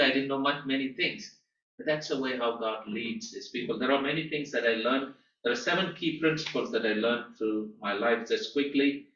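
An earnest man lectures and tells stories, pausing often as he goes. His voice is bright and crisp. It comes from a distance through a dull mic in an echoey room. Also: medium pitch. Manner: earnest storyteller, halting with pauses. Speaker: guest teacher at a Bible school. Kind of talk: lecture with personal testimony.

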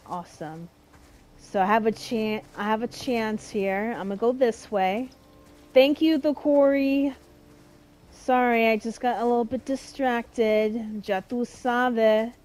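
A woman streamer with a somewhat high, slightly mellow voice gives chatty, reactive let's-play commentary, swearing casually while she plays. The recording is rough.

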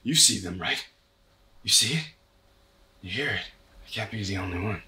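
A man's voice: animated, normal speed, a little hiss or hum. A young man doing a mock-paranoid comedy rant as a YouTuber. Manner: mock-paranoid, yelling in a frantic high voice. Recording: voice over loud music.

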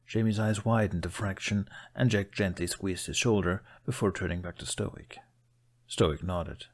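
Low-voiced man narrating a story. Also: fairly even intonation, moderate pace. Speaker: fan fiction reader. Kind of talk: audiobook narration.

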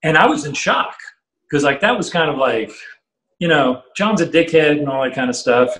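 A middle-aged man telling a long anecdote as an interview guest, animated and full of fillers and restarts, acting out the voices he quotes. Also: on the high side, normal speed. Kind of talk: storytelling anecdote in casual chat. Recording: roomy echo.

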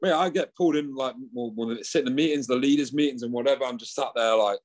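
A man's voice: medium pitch, quick pace, few pauses. A young man, a guest on a podcast, telling stories in a chatty, laughing way. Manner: chatty storyteller, laughs often. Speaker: guest rugby player. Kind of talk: casual podcast chat.

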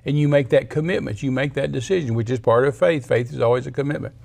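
Gravelly older male preacher. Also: medium pitch, quick pace, a little mellow. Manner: folksy storyteller who acts out quotes in a raised voice. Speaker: guest preacher. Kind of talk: conversational Bible teaching.

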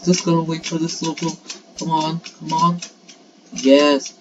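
A woman giving excited, frantic gameplay commentary, urging herself on with quick repeated pleas. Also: low-pitched, music in the background. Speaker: gaming channel host. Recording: dull lo-fi mic with clear background noise.

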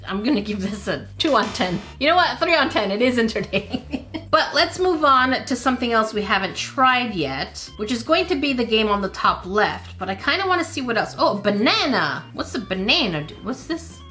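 A woman with a fairly high, lively voice hosts a casual let's-play of mobile games. She reacts out loud as she goes, with quick exclamations and laughter, over faint background music. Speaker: gaming video host.

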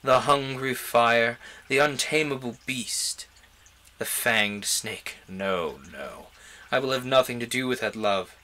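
A man's voice: mid-range voice, slow pace, pushed and bright. A man reading as a haughty scheming nobleman. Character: ambitious haughty young nobleman, scheming for a crown. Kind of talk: reading a novel aloud.

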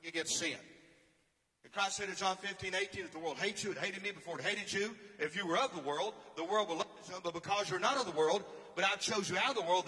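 A man preaches with emphatic storytelling energy. His voice sits high and bright, and it carries through a long, reverberant hall. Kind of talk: sermon. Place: church or conference hall.

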